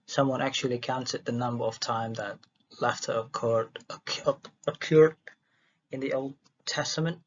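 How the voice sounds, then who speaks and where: A man's voice: mid-range voice, measured pace. A man reading a dialogue transcript aloud for a listening exercise, stumbling and restarting words as he goes. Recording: dull lo-fi recording.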